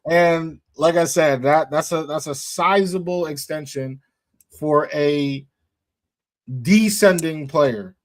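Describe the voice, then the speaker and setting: A man co-hosting a casual sports podcast, animated and slangy, laughing often. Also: a little high, slow. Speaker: co-host. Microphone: streamed podcast mic.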